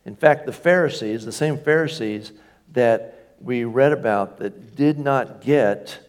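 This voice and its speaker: A male pastor delivering a sermon in a church, with a mid-pitched voice. He punches key phrases with sudden rises and keeps checking in with the congregation. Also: slow pace, clear, resonant tone.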